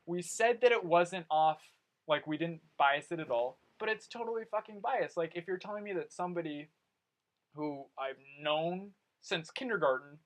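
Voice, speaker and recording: A young man hosting a casual podcast, telling stories in an animated way and swearing now and then. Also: on the high side, normal speed, rough recording. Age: young adult. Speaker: podcast host. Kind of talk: casual chat.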